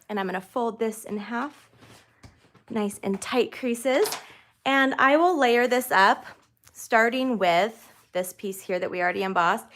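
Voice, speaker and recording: A woman's voice: medium pitch, a bit bright. A woman hosting a live card-making tutorial, chatting casually and greeting viewers as she works in her craft room. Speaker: card-making demonstrator and host.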